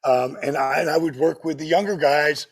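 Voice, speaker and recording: Man, slightly high voice, gravelly and husky, podcast co-host, quick asides. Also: fairly even intonation. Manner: chimes in with quick interjections. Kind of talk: casual podcast chat.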